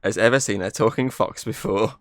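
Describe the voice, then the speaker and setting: A man's voice: lowish voice, brisk, no echo, studio quality. A man co-hosting a podcast, blunt and sardonic, swearing casually. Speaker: podcast co-host. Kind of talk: casual banter.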